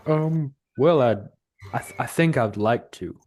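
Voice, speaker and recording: A man playing his character in a tabletop game, hesitant and soft-spoken with repeated starts. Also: mid-range voice, animated, measured pace, soft background music. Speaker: player. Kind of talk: in-character role-play.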